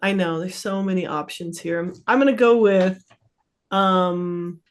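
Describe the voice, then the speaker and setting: A woman's voice: lowish voice, fairly even intonation, a little slow. Chatty woman therapist, casual talk. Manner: chatty, lots of "like", laughs easily. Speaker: therapist guest.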